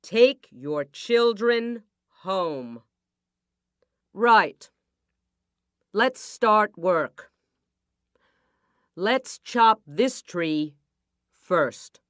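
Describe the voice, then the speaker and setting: Woman reading as bossy king's soldiers, curt orders, slow, dry sound. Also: mid-range voice, expressive, no room sound, voice pushed up. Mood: commanding. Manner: curt, commanding. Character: stern male soldiers of the king.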